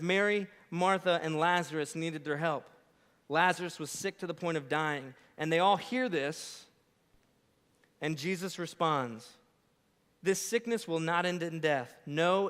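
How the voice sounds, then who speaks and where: A man preaching a sermon as a pastor, telling stories in an animated way and acting out little scenes. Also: sits high, big-room sound. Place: church sanctuary.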